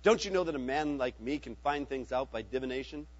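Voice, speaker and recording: A man reading the part of a powerful ruler who speaks gravely to his brothers, in a scripture reading. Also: medium pitch, animated, a little fast, dull audio, pitched below the performer's own voice, lightly acted. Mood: earnest.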